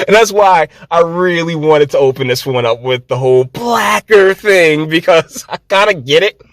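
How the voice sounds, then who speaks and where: Animated ranting man in his thirties. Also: a little high, moderate pace, dry recording, studio quality. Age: 30s. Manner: sarcastic, profane, many restarts. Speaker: vlogger. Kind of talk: ranting commentary.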